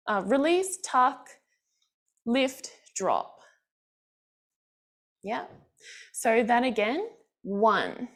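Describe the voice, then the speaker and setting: A woman from Australia teaching a bellydance class, counting the beats aloud and giving encouraging cues. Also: on the high side. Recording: faint music behind. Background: class music.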